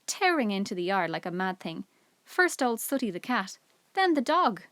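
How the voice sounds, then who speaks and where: Woman reading as a deaf fussy old lady, high loud voice, storybook, dry close sound. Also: very animated, moderate pace, dry recording. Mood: scolding.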